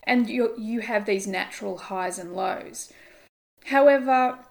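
A woman hosting a solo podcast, talking casually as a coach, animated with emphatic rises and frequent fillers and restarts. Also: mid-range voice, measured pace, vocal fry.

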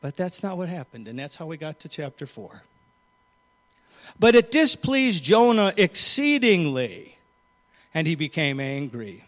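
A man's voice: high-pitched, big pitch swings, moderate pace, a bit bright, in a large hall. A man preaching a sermon, retelling a scripture story and reading its verses aloud with changing emphasis.

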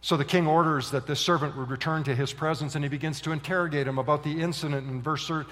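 A male pastor preaching a sermon, telling a story dramatically and swinging from loud excitement to hushed intensity. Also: fairly high pitch, fast. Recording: long reverb of a large hall.

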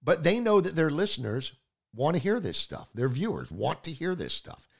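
Sarcastic guy ranting on his talk show, gravelly voice, big swings up and down. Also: sing-song, moderate pace. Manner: sarcastic, combative, swings from loud outbursts to low mutters. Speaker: political talk show host. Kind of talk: opinionated political commentary.

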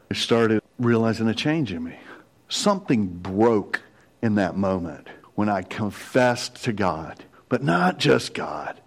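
A middle-aged pastor preaching a confessional sermon, telling a personal story with quoted voices. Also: male voice, mid-range voice.

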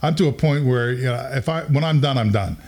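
A middle-aged man with a mid-range voice tells a story in relaxed conversation. He gets animated as he goes, chuckling and slipping into other people's voices when he quotes them. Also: mid-range voice, fairly quick.

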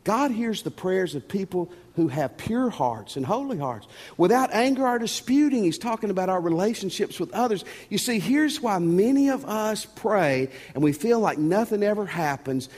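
A man preaching a sermon as pastor, folksy and animated, often repeating words. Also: high voice, moderate pace, few pauses. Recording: long reverb of a church hall.

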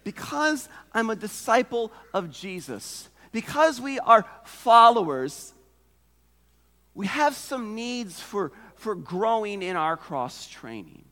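A man delivers a sermon in an unusually high, bright voice. He speaks slowly, leaning on rhetorical questions and repeated lines for emphasis. His words hang in the long reverb of a church sanctuary. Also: big pitch swings. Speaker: pastor.

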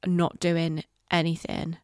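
A middle-aged woman hosting a solo podcast, talking candidly and reflectively, halting with fillers and the odd swear word. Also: low voice, monotone, clear, resonant tone, dry recording, clean studio sound. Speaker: podcast host. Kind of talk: casual solo podcast monologue.

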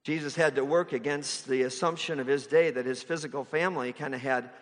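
A man's voice: mid-range voice, fairly even intonation, fairly quick. A man giving a conversational sermon, asking his listeners rhetorical questions as he explains a passage. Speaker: preacher. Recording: long hall reverb.

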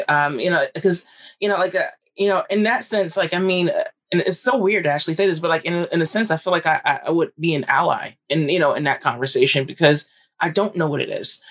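A woman's voice: low-pitched, vocal fry, fairly bright tone. Laughing, rambling woman podcast host. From Brooklyn, New York. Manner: rambling, laughing, frank, salty. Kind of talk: casual podcast conversation.

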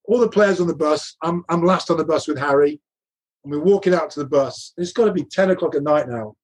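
A man's voice: fairly high pitch, fairly quick, husky. An older man, a former rugby coach, telling anecdotes in a casual interview, laughing often and restarting his sentences.

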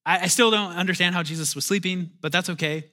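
A man preaching in a church in a chatty, animated way, often breaking off mid-sentence and chuckling to himself. His voice is fairly high and bright, almost tense at times. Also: fast talker. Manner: conversational, animated, self-interrupting, chuckling asides. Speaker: pastor. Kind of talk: sermon.

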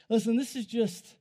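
A man preaching and telling a personal testimony, going from hushed to loud and talking straight to his audience. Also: high voice. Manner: animated, swings between hushed and loud; talks to the audience directly. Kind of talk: storytelling sermon.

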